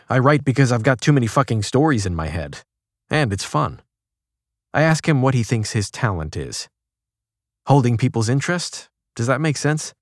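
A man narrating a magazine profile in an even, measured reading, at a mid pitch for a man. He goes quieter and lower when he voices quoted lines. The sound is close and dry, with no room around it. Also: no echo. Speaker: article narrator.

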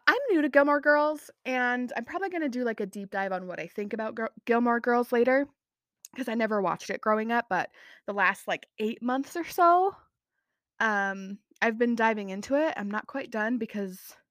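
A young woman hosts her podcast in loose, rambling chat, poking fun at herself as she drifts off track. Her voice sits at an ordinary middle pitch. The sound is dry and close, with no room around it. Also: fairly bright tone, no room sound. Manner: rambling, chatty, self-mocking. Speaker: podcast host. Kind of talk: casual chat.

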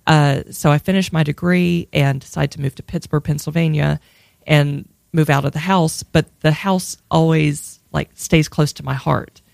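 A woman's voice: low voice, fairly even intonation, normal speed, creaky, a little mellow, no room sound. A woman with a Southern US accent telling a wistful personal story in a reflective, drawling way.

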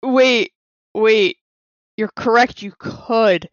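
Woman with indignant quick interjections. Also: on the high side, steady tone, fairly bright tone, dry recording. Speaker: podcast panelist. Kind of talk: casual chat. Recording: dull lo-fi mic.

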